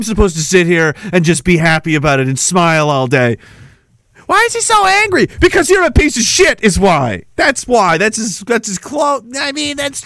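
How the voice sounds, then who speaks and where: A man's voice: high-pitched, big pitch swings, moderate pace, fairly bright tone, no room sound, clean studio sound. A man from Canada hosting a livestream, ranting angrily and sarcastically and reading viewer comments. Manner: angry, sarcastic, profane ranting. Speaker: livestream host reading chat.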